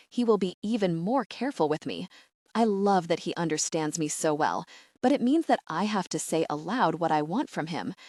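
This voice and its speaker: Brief: woman audiobook narrator, lowish voice, soft and intimate, dry studio sound. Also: no echo. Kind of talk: scripted romance audiobook narration.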